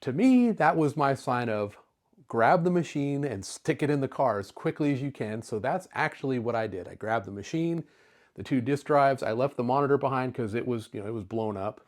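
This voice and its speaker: With a medium pitch, lively intonation, and moderate pace, a retro-computer video host in his fifties casually recounts a personal story to camera. His manner is easygoing and chatty, sprinkled with filler words.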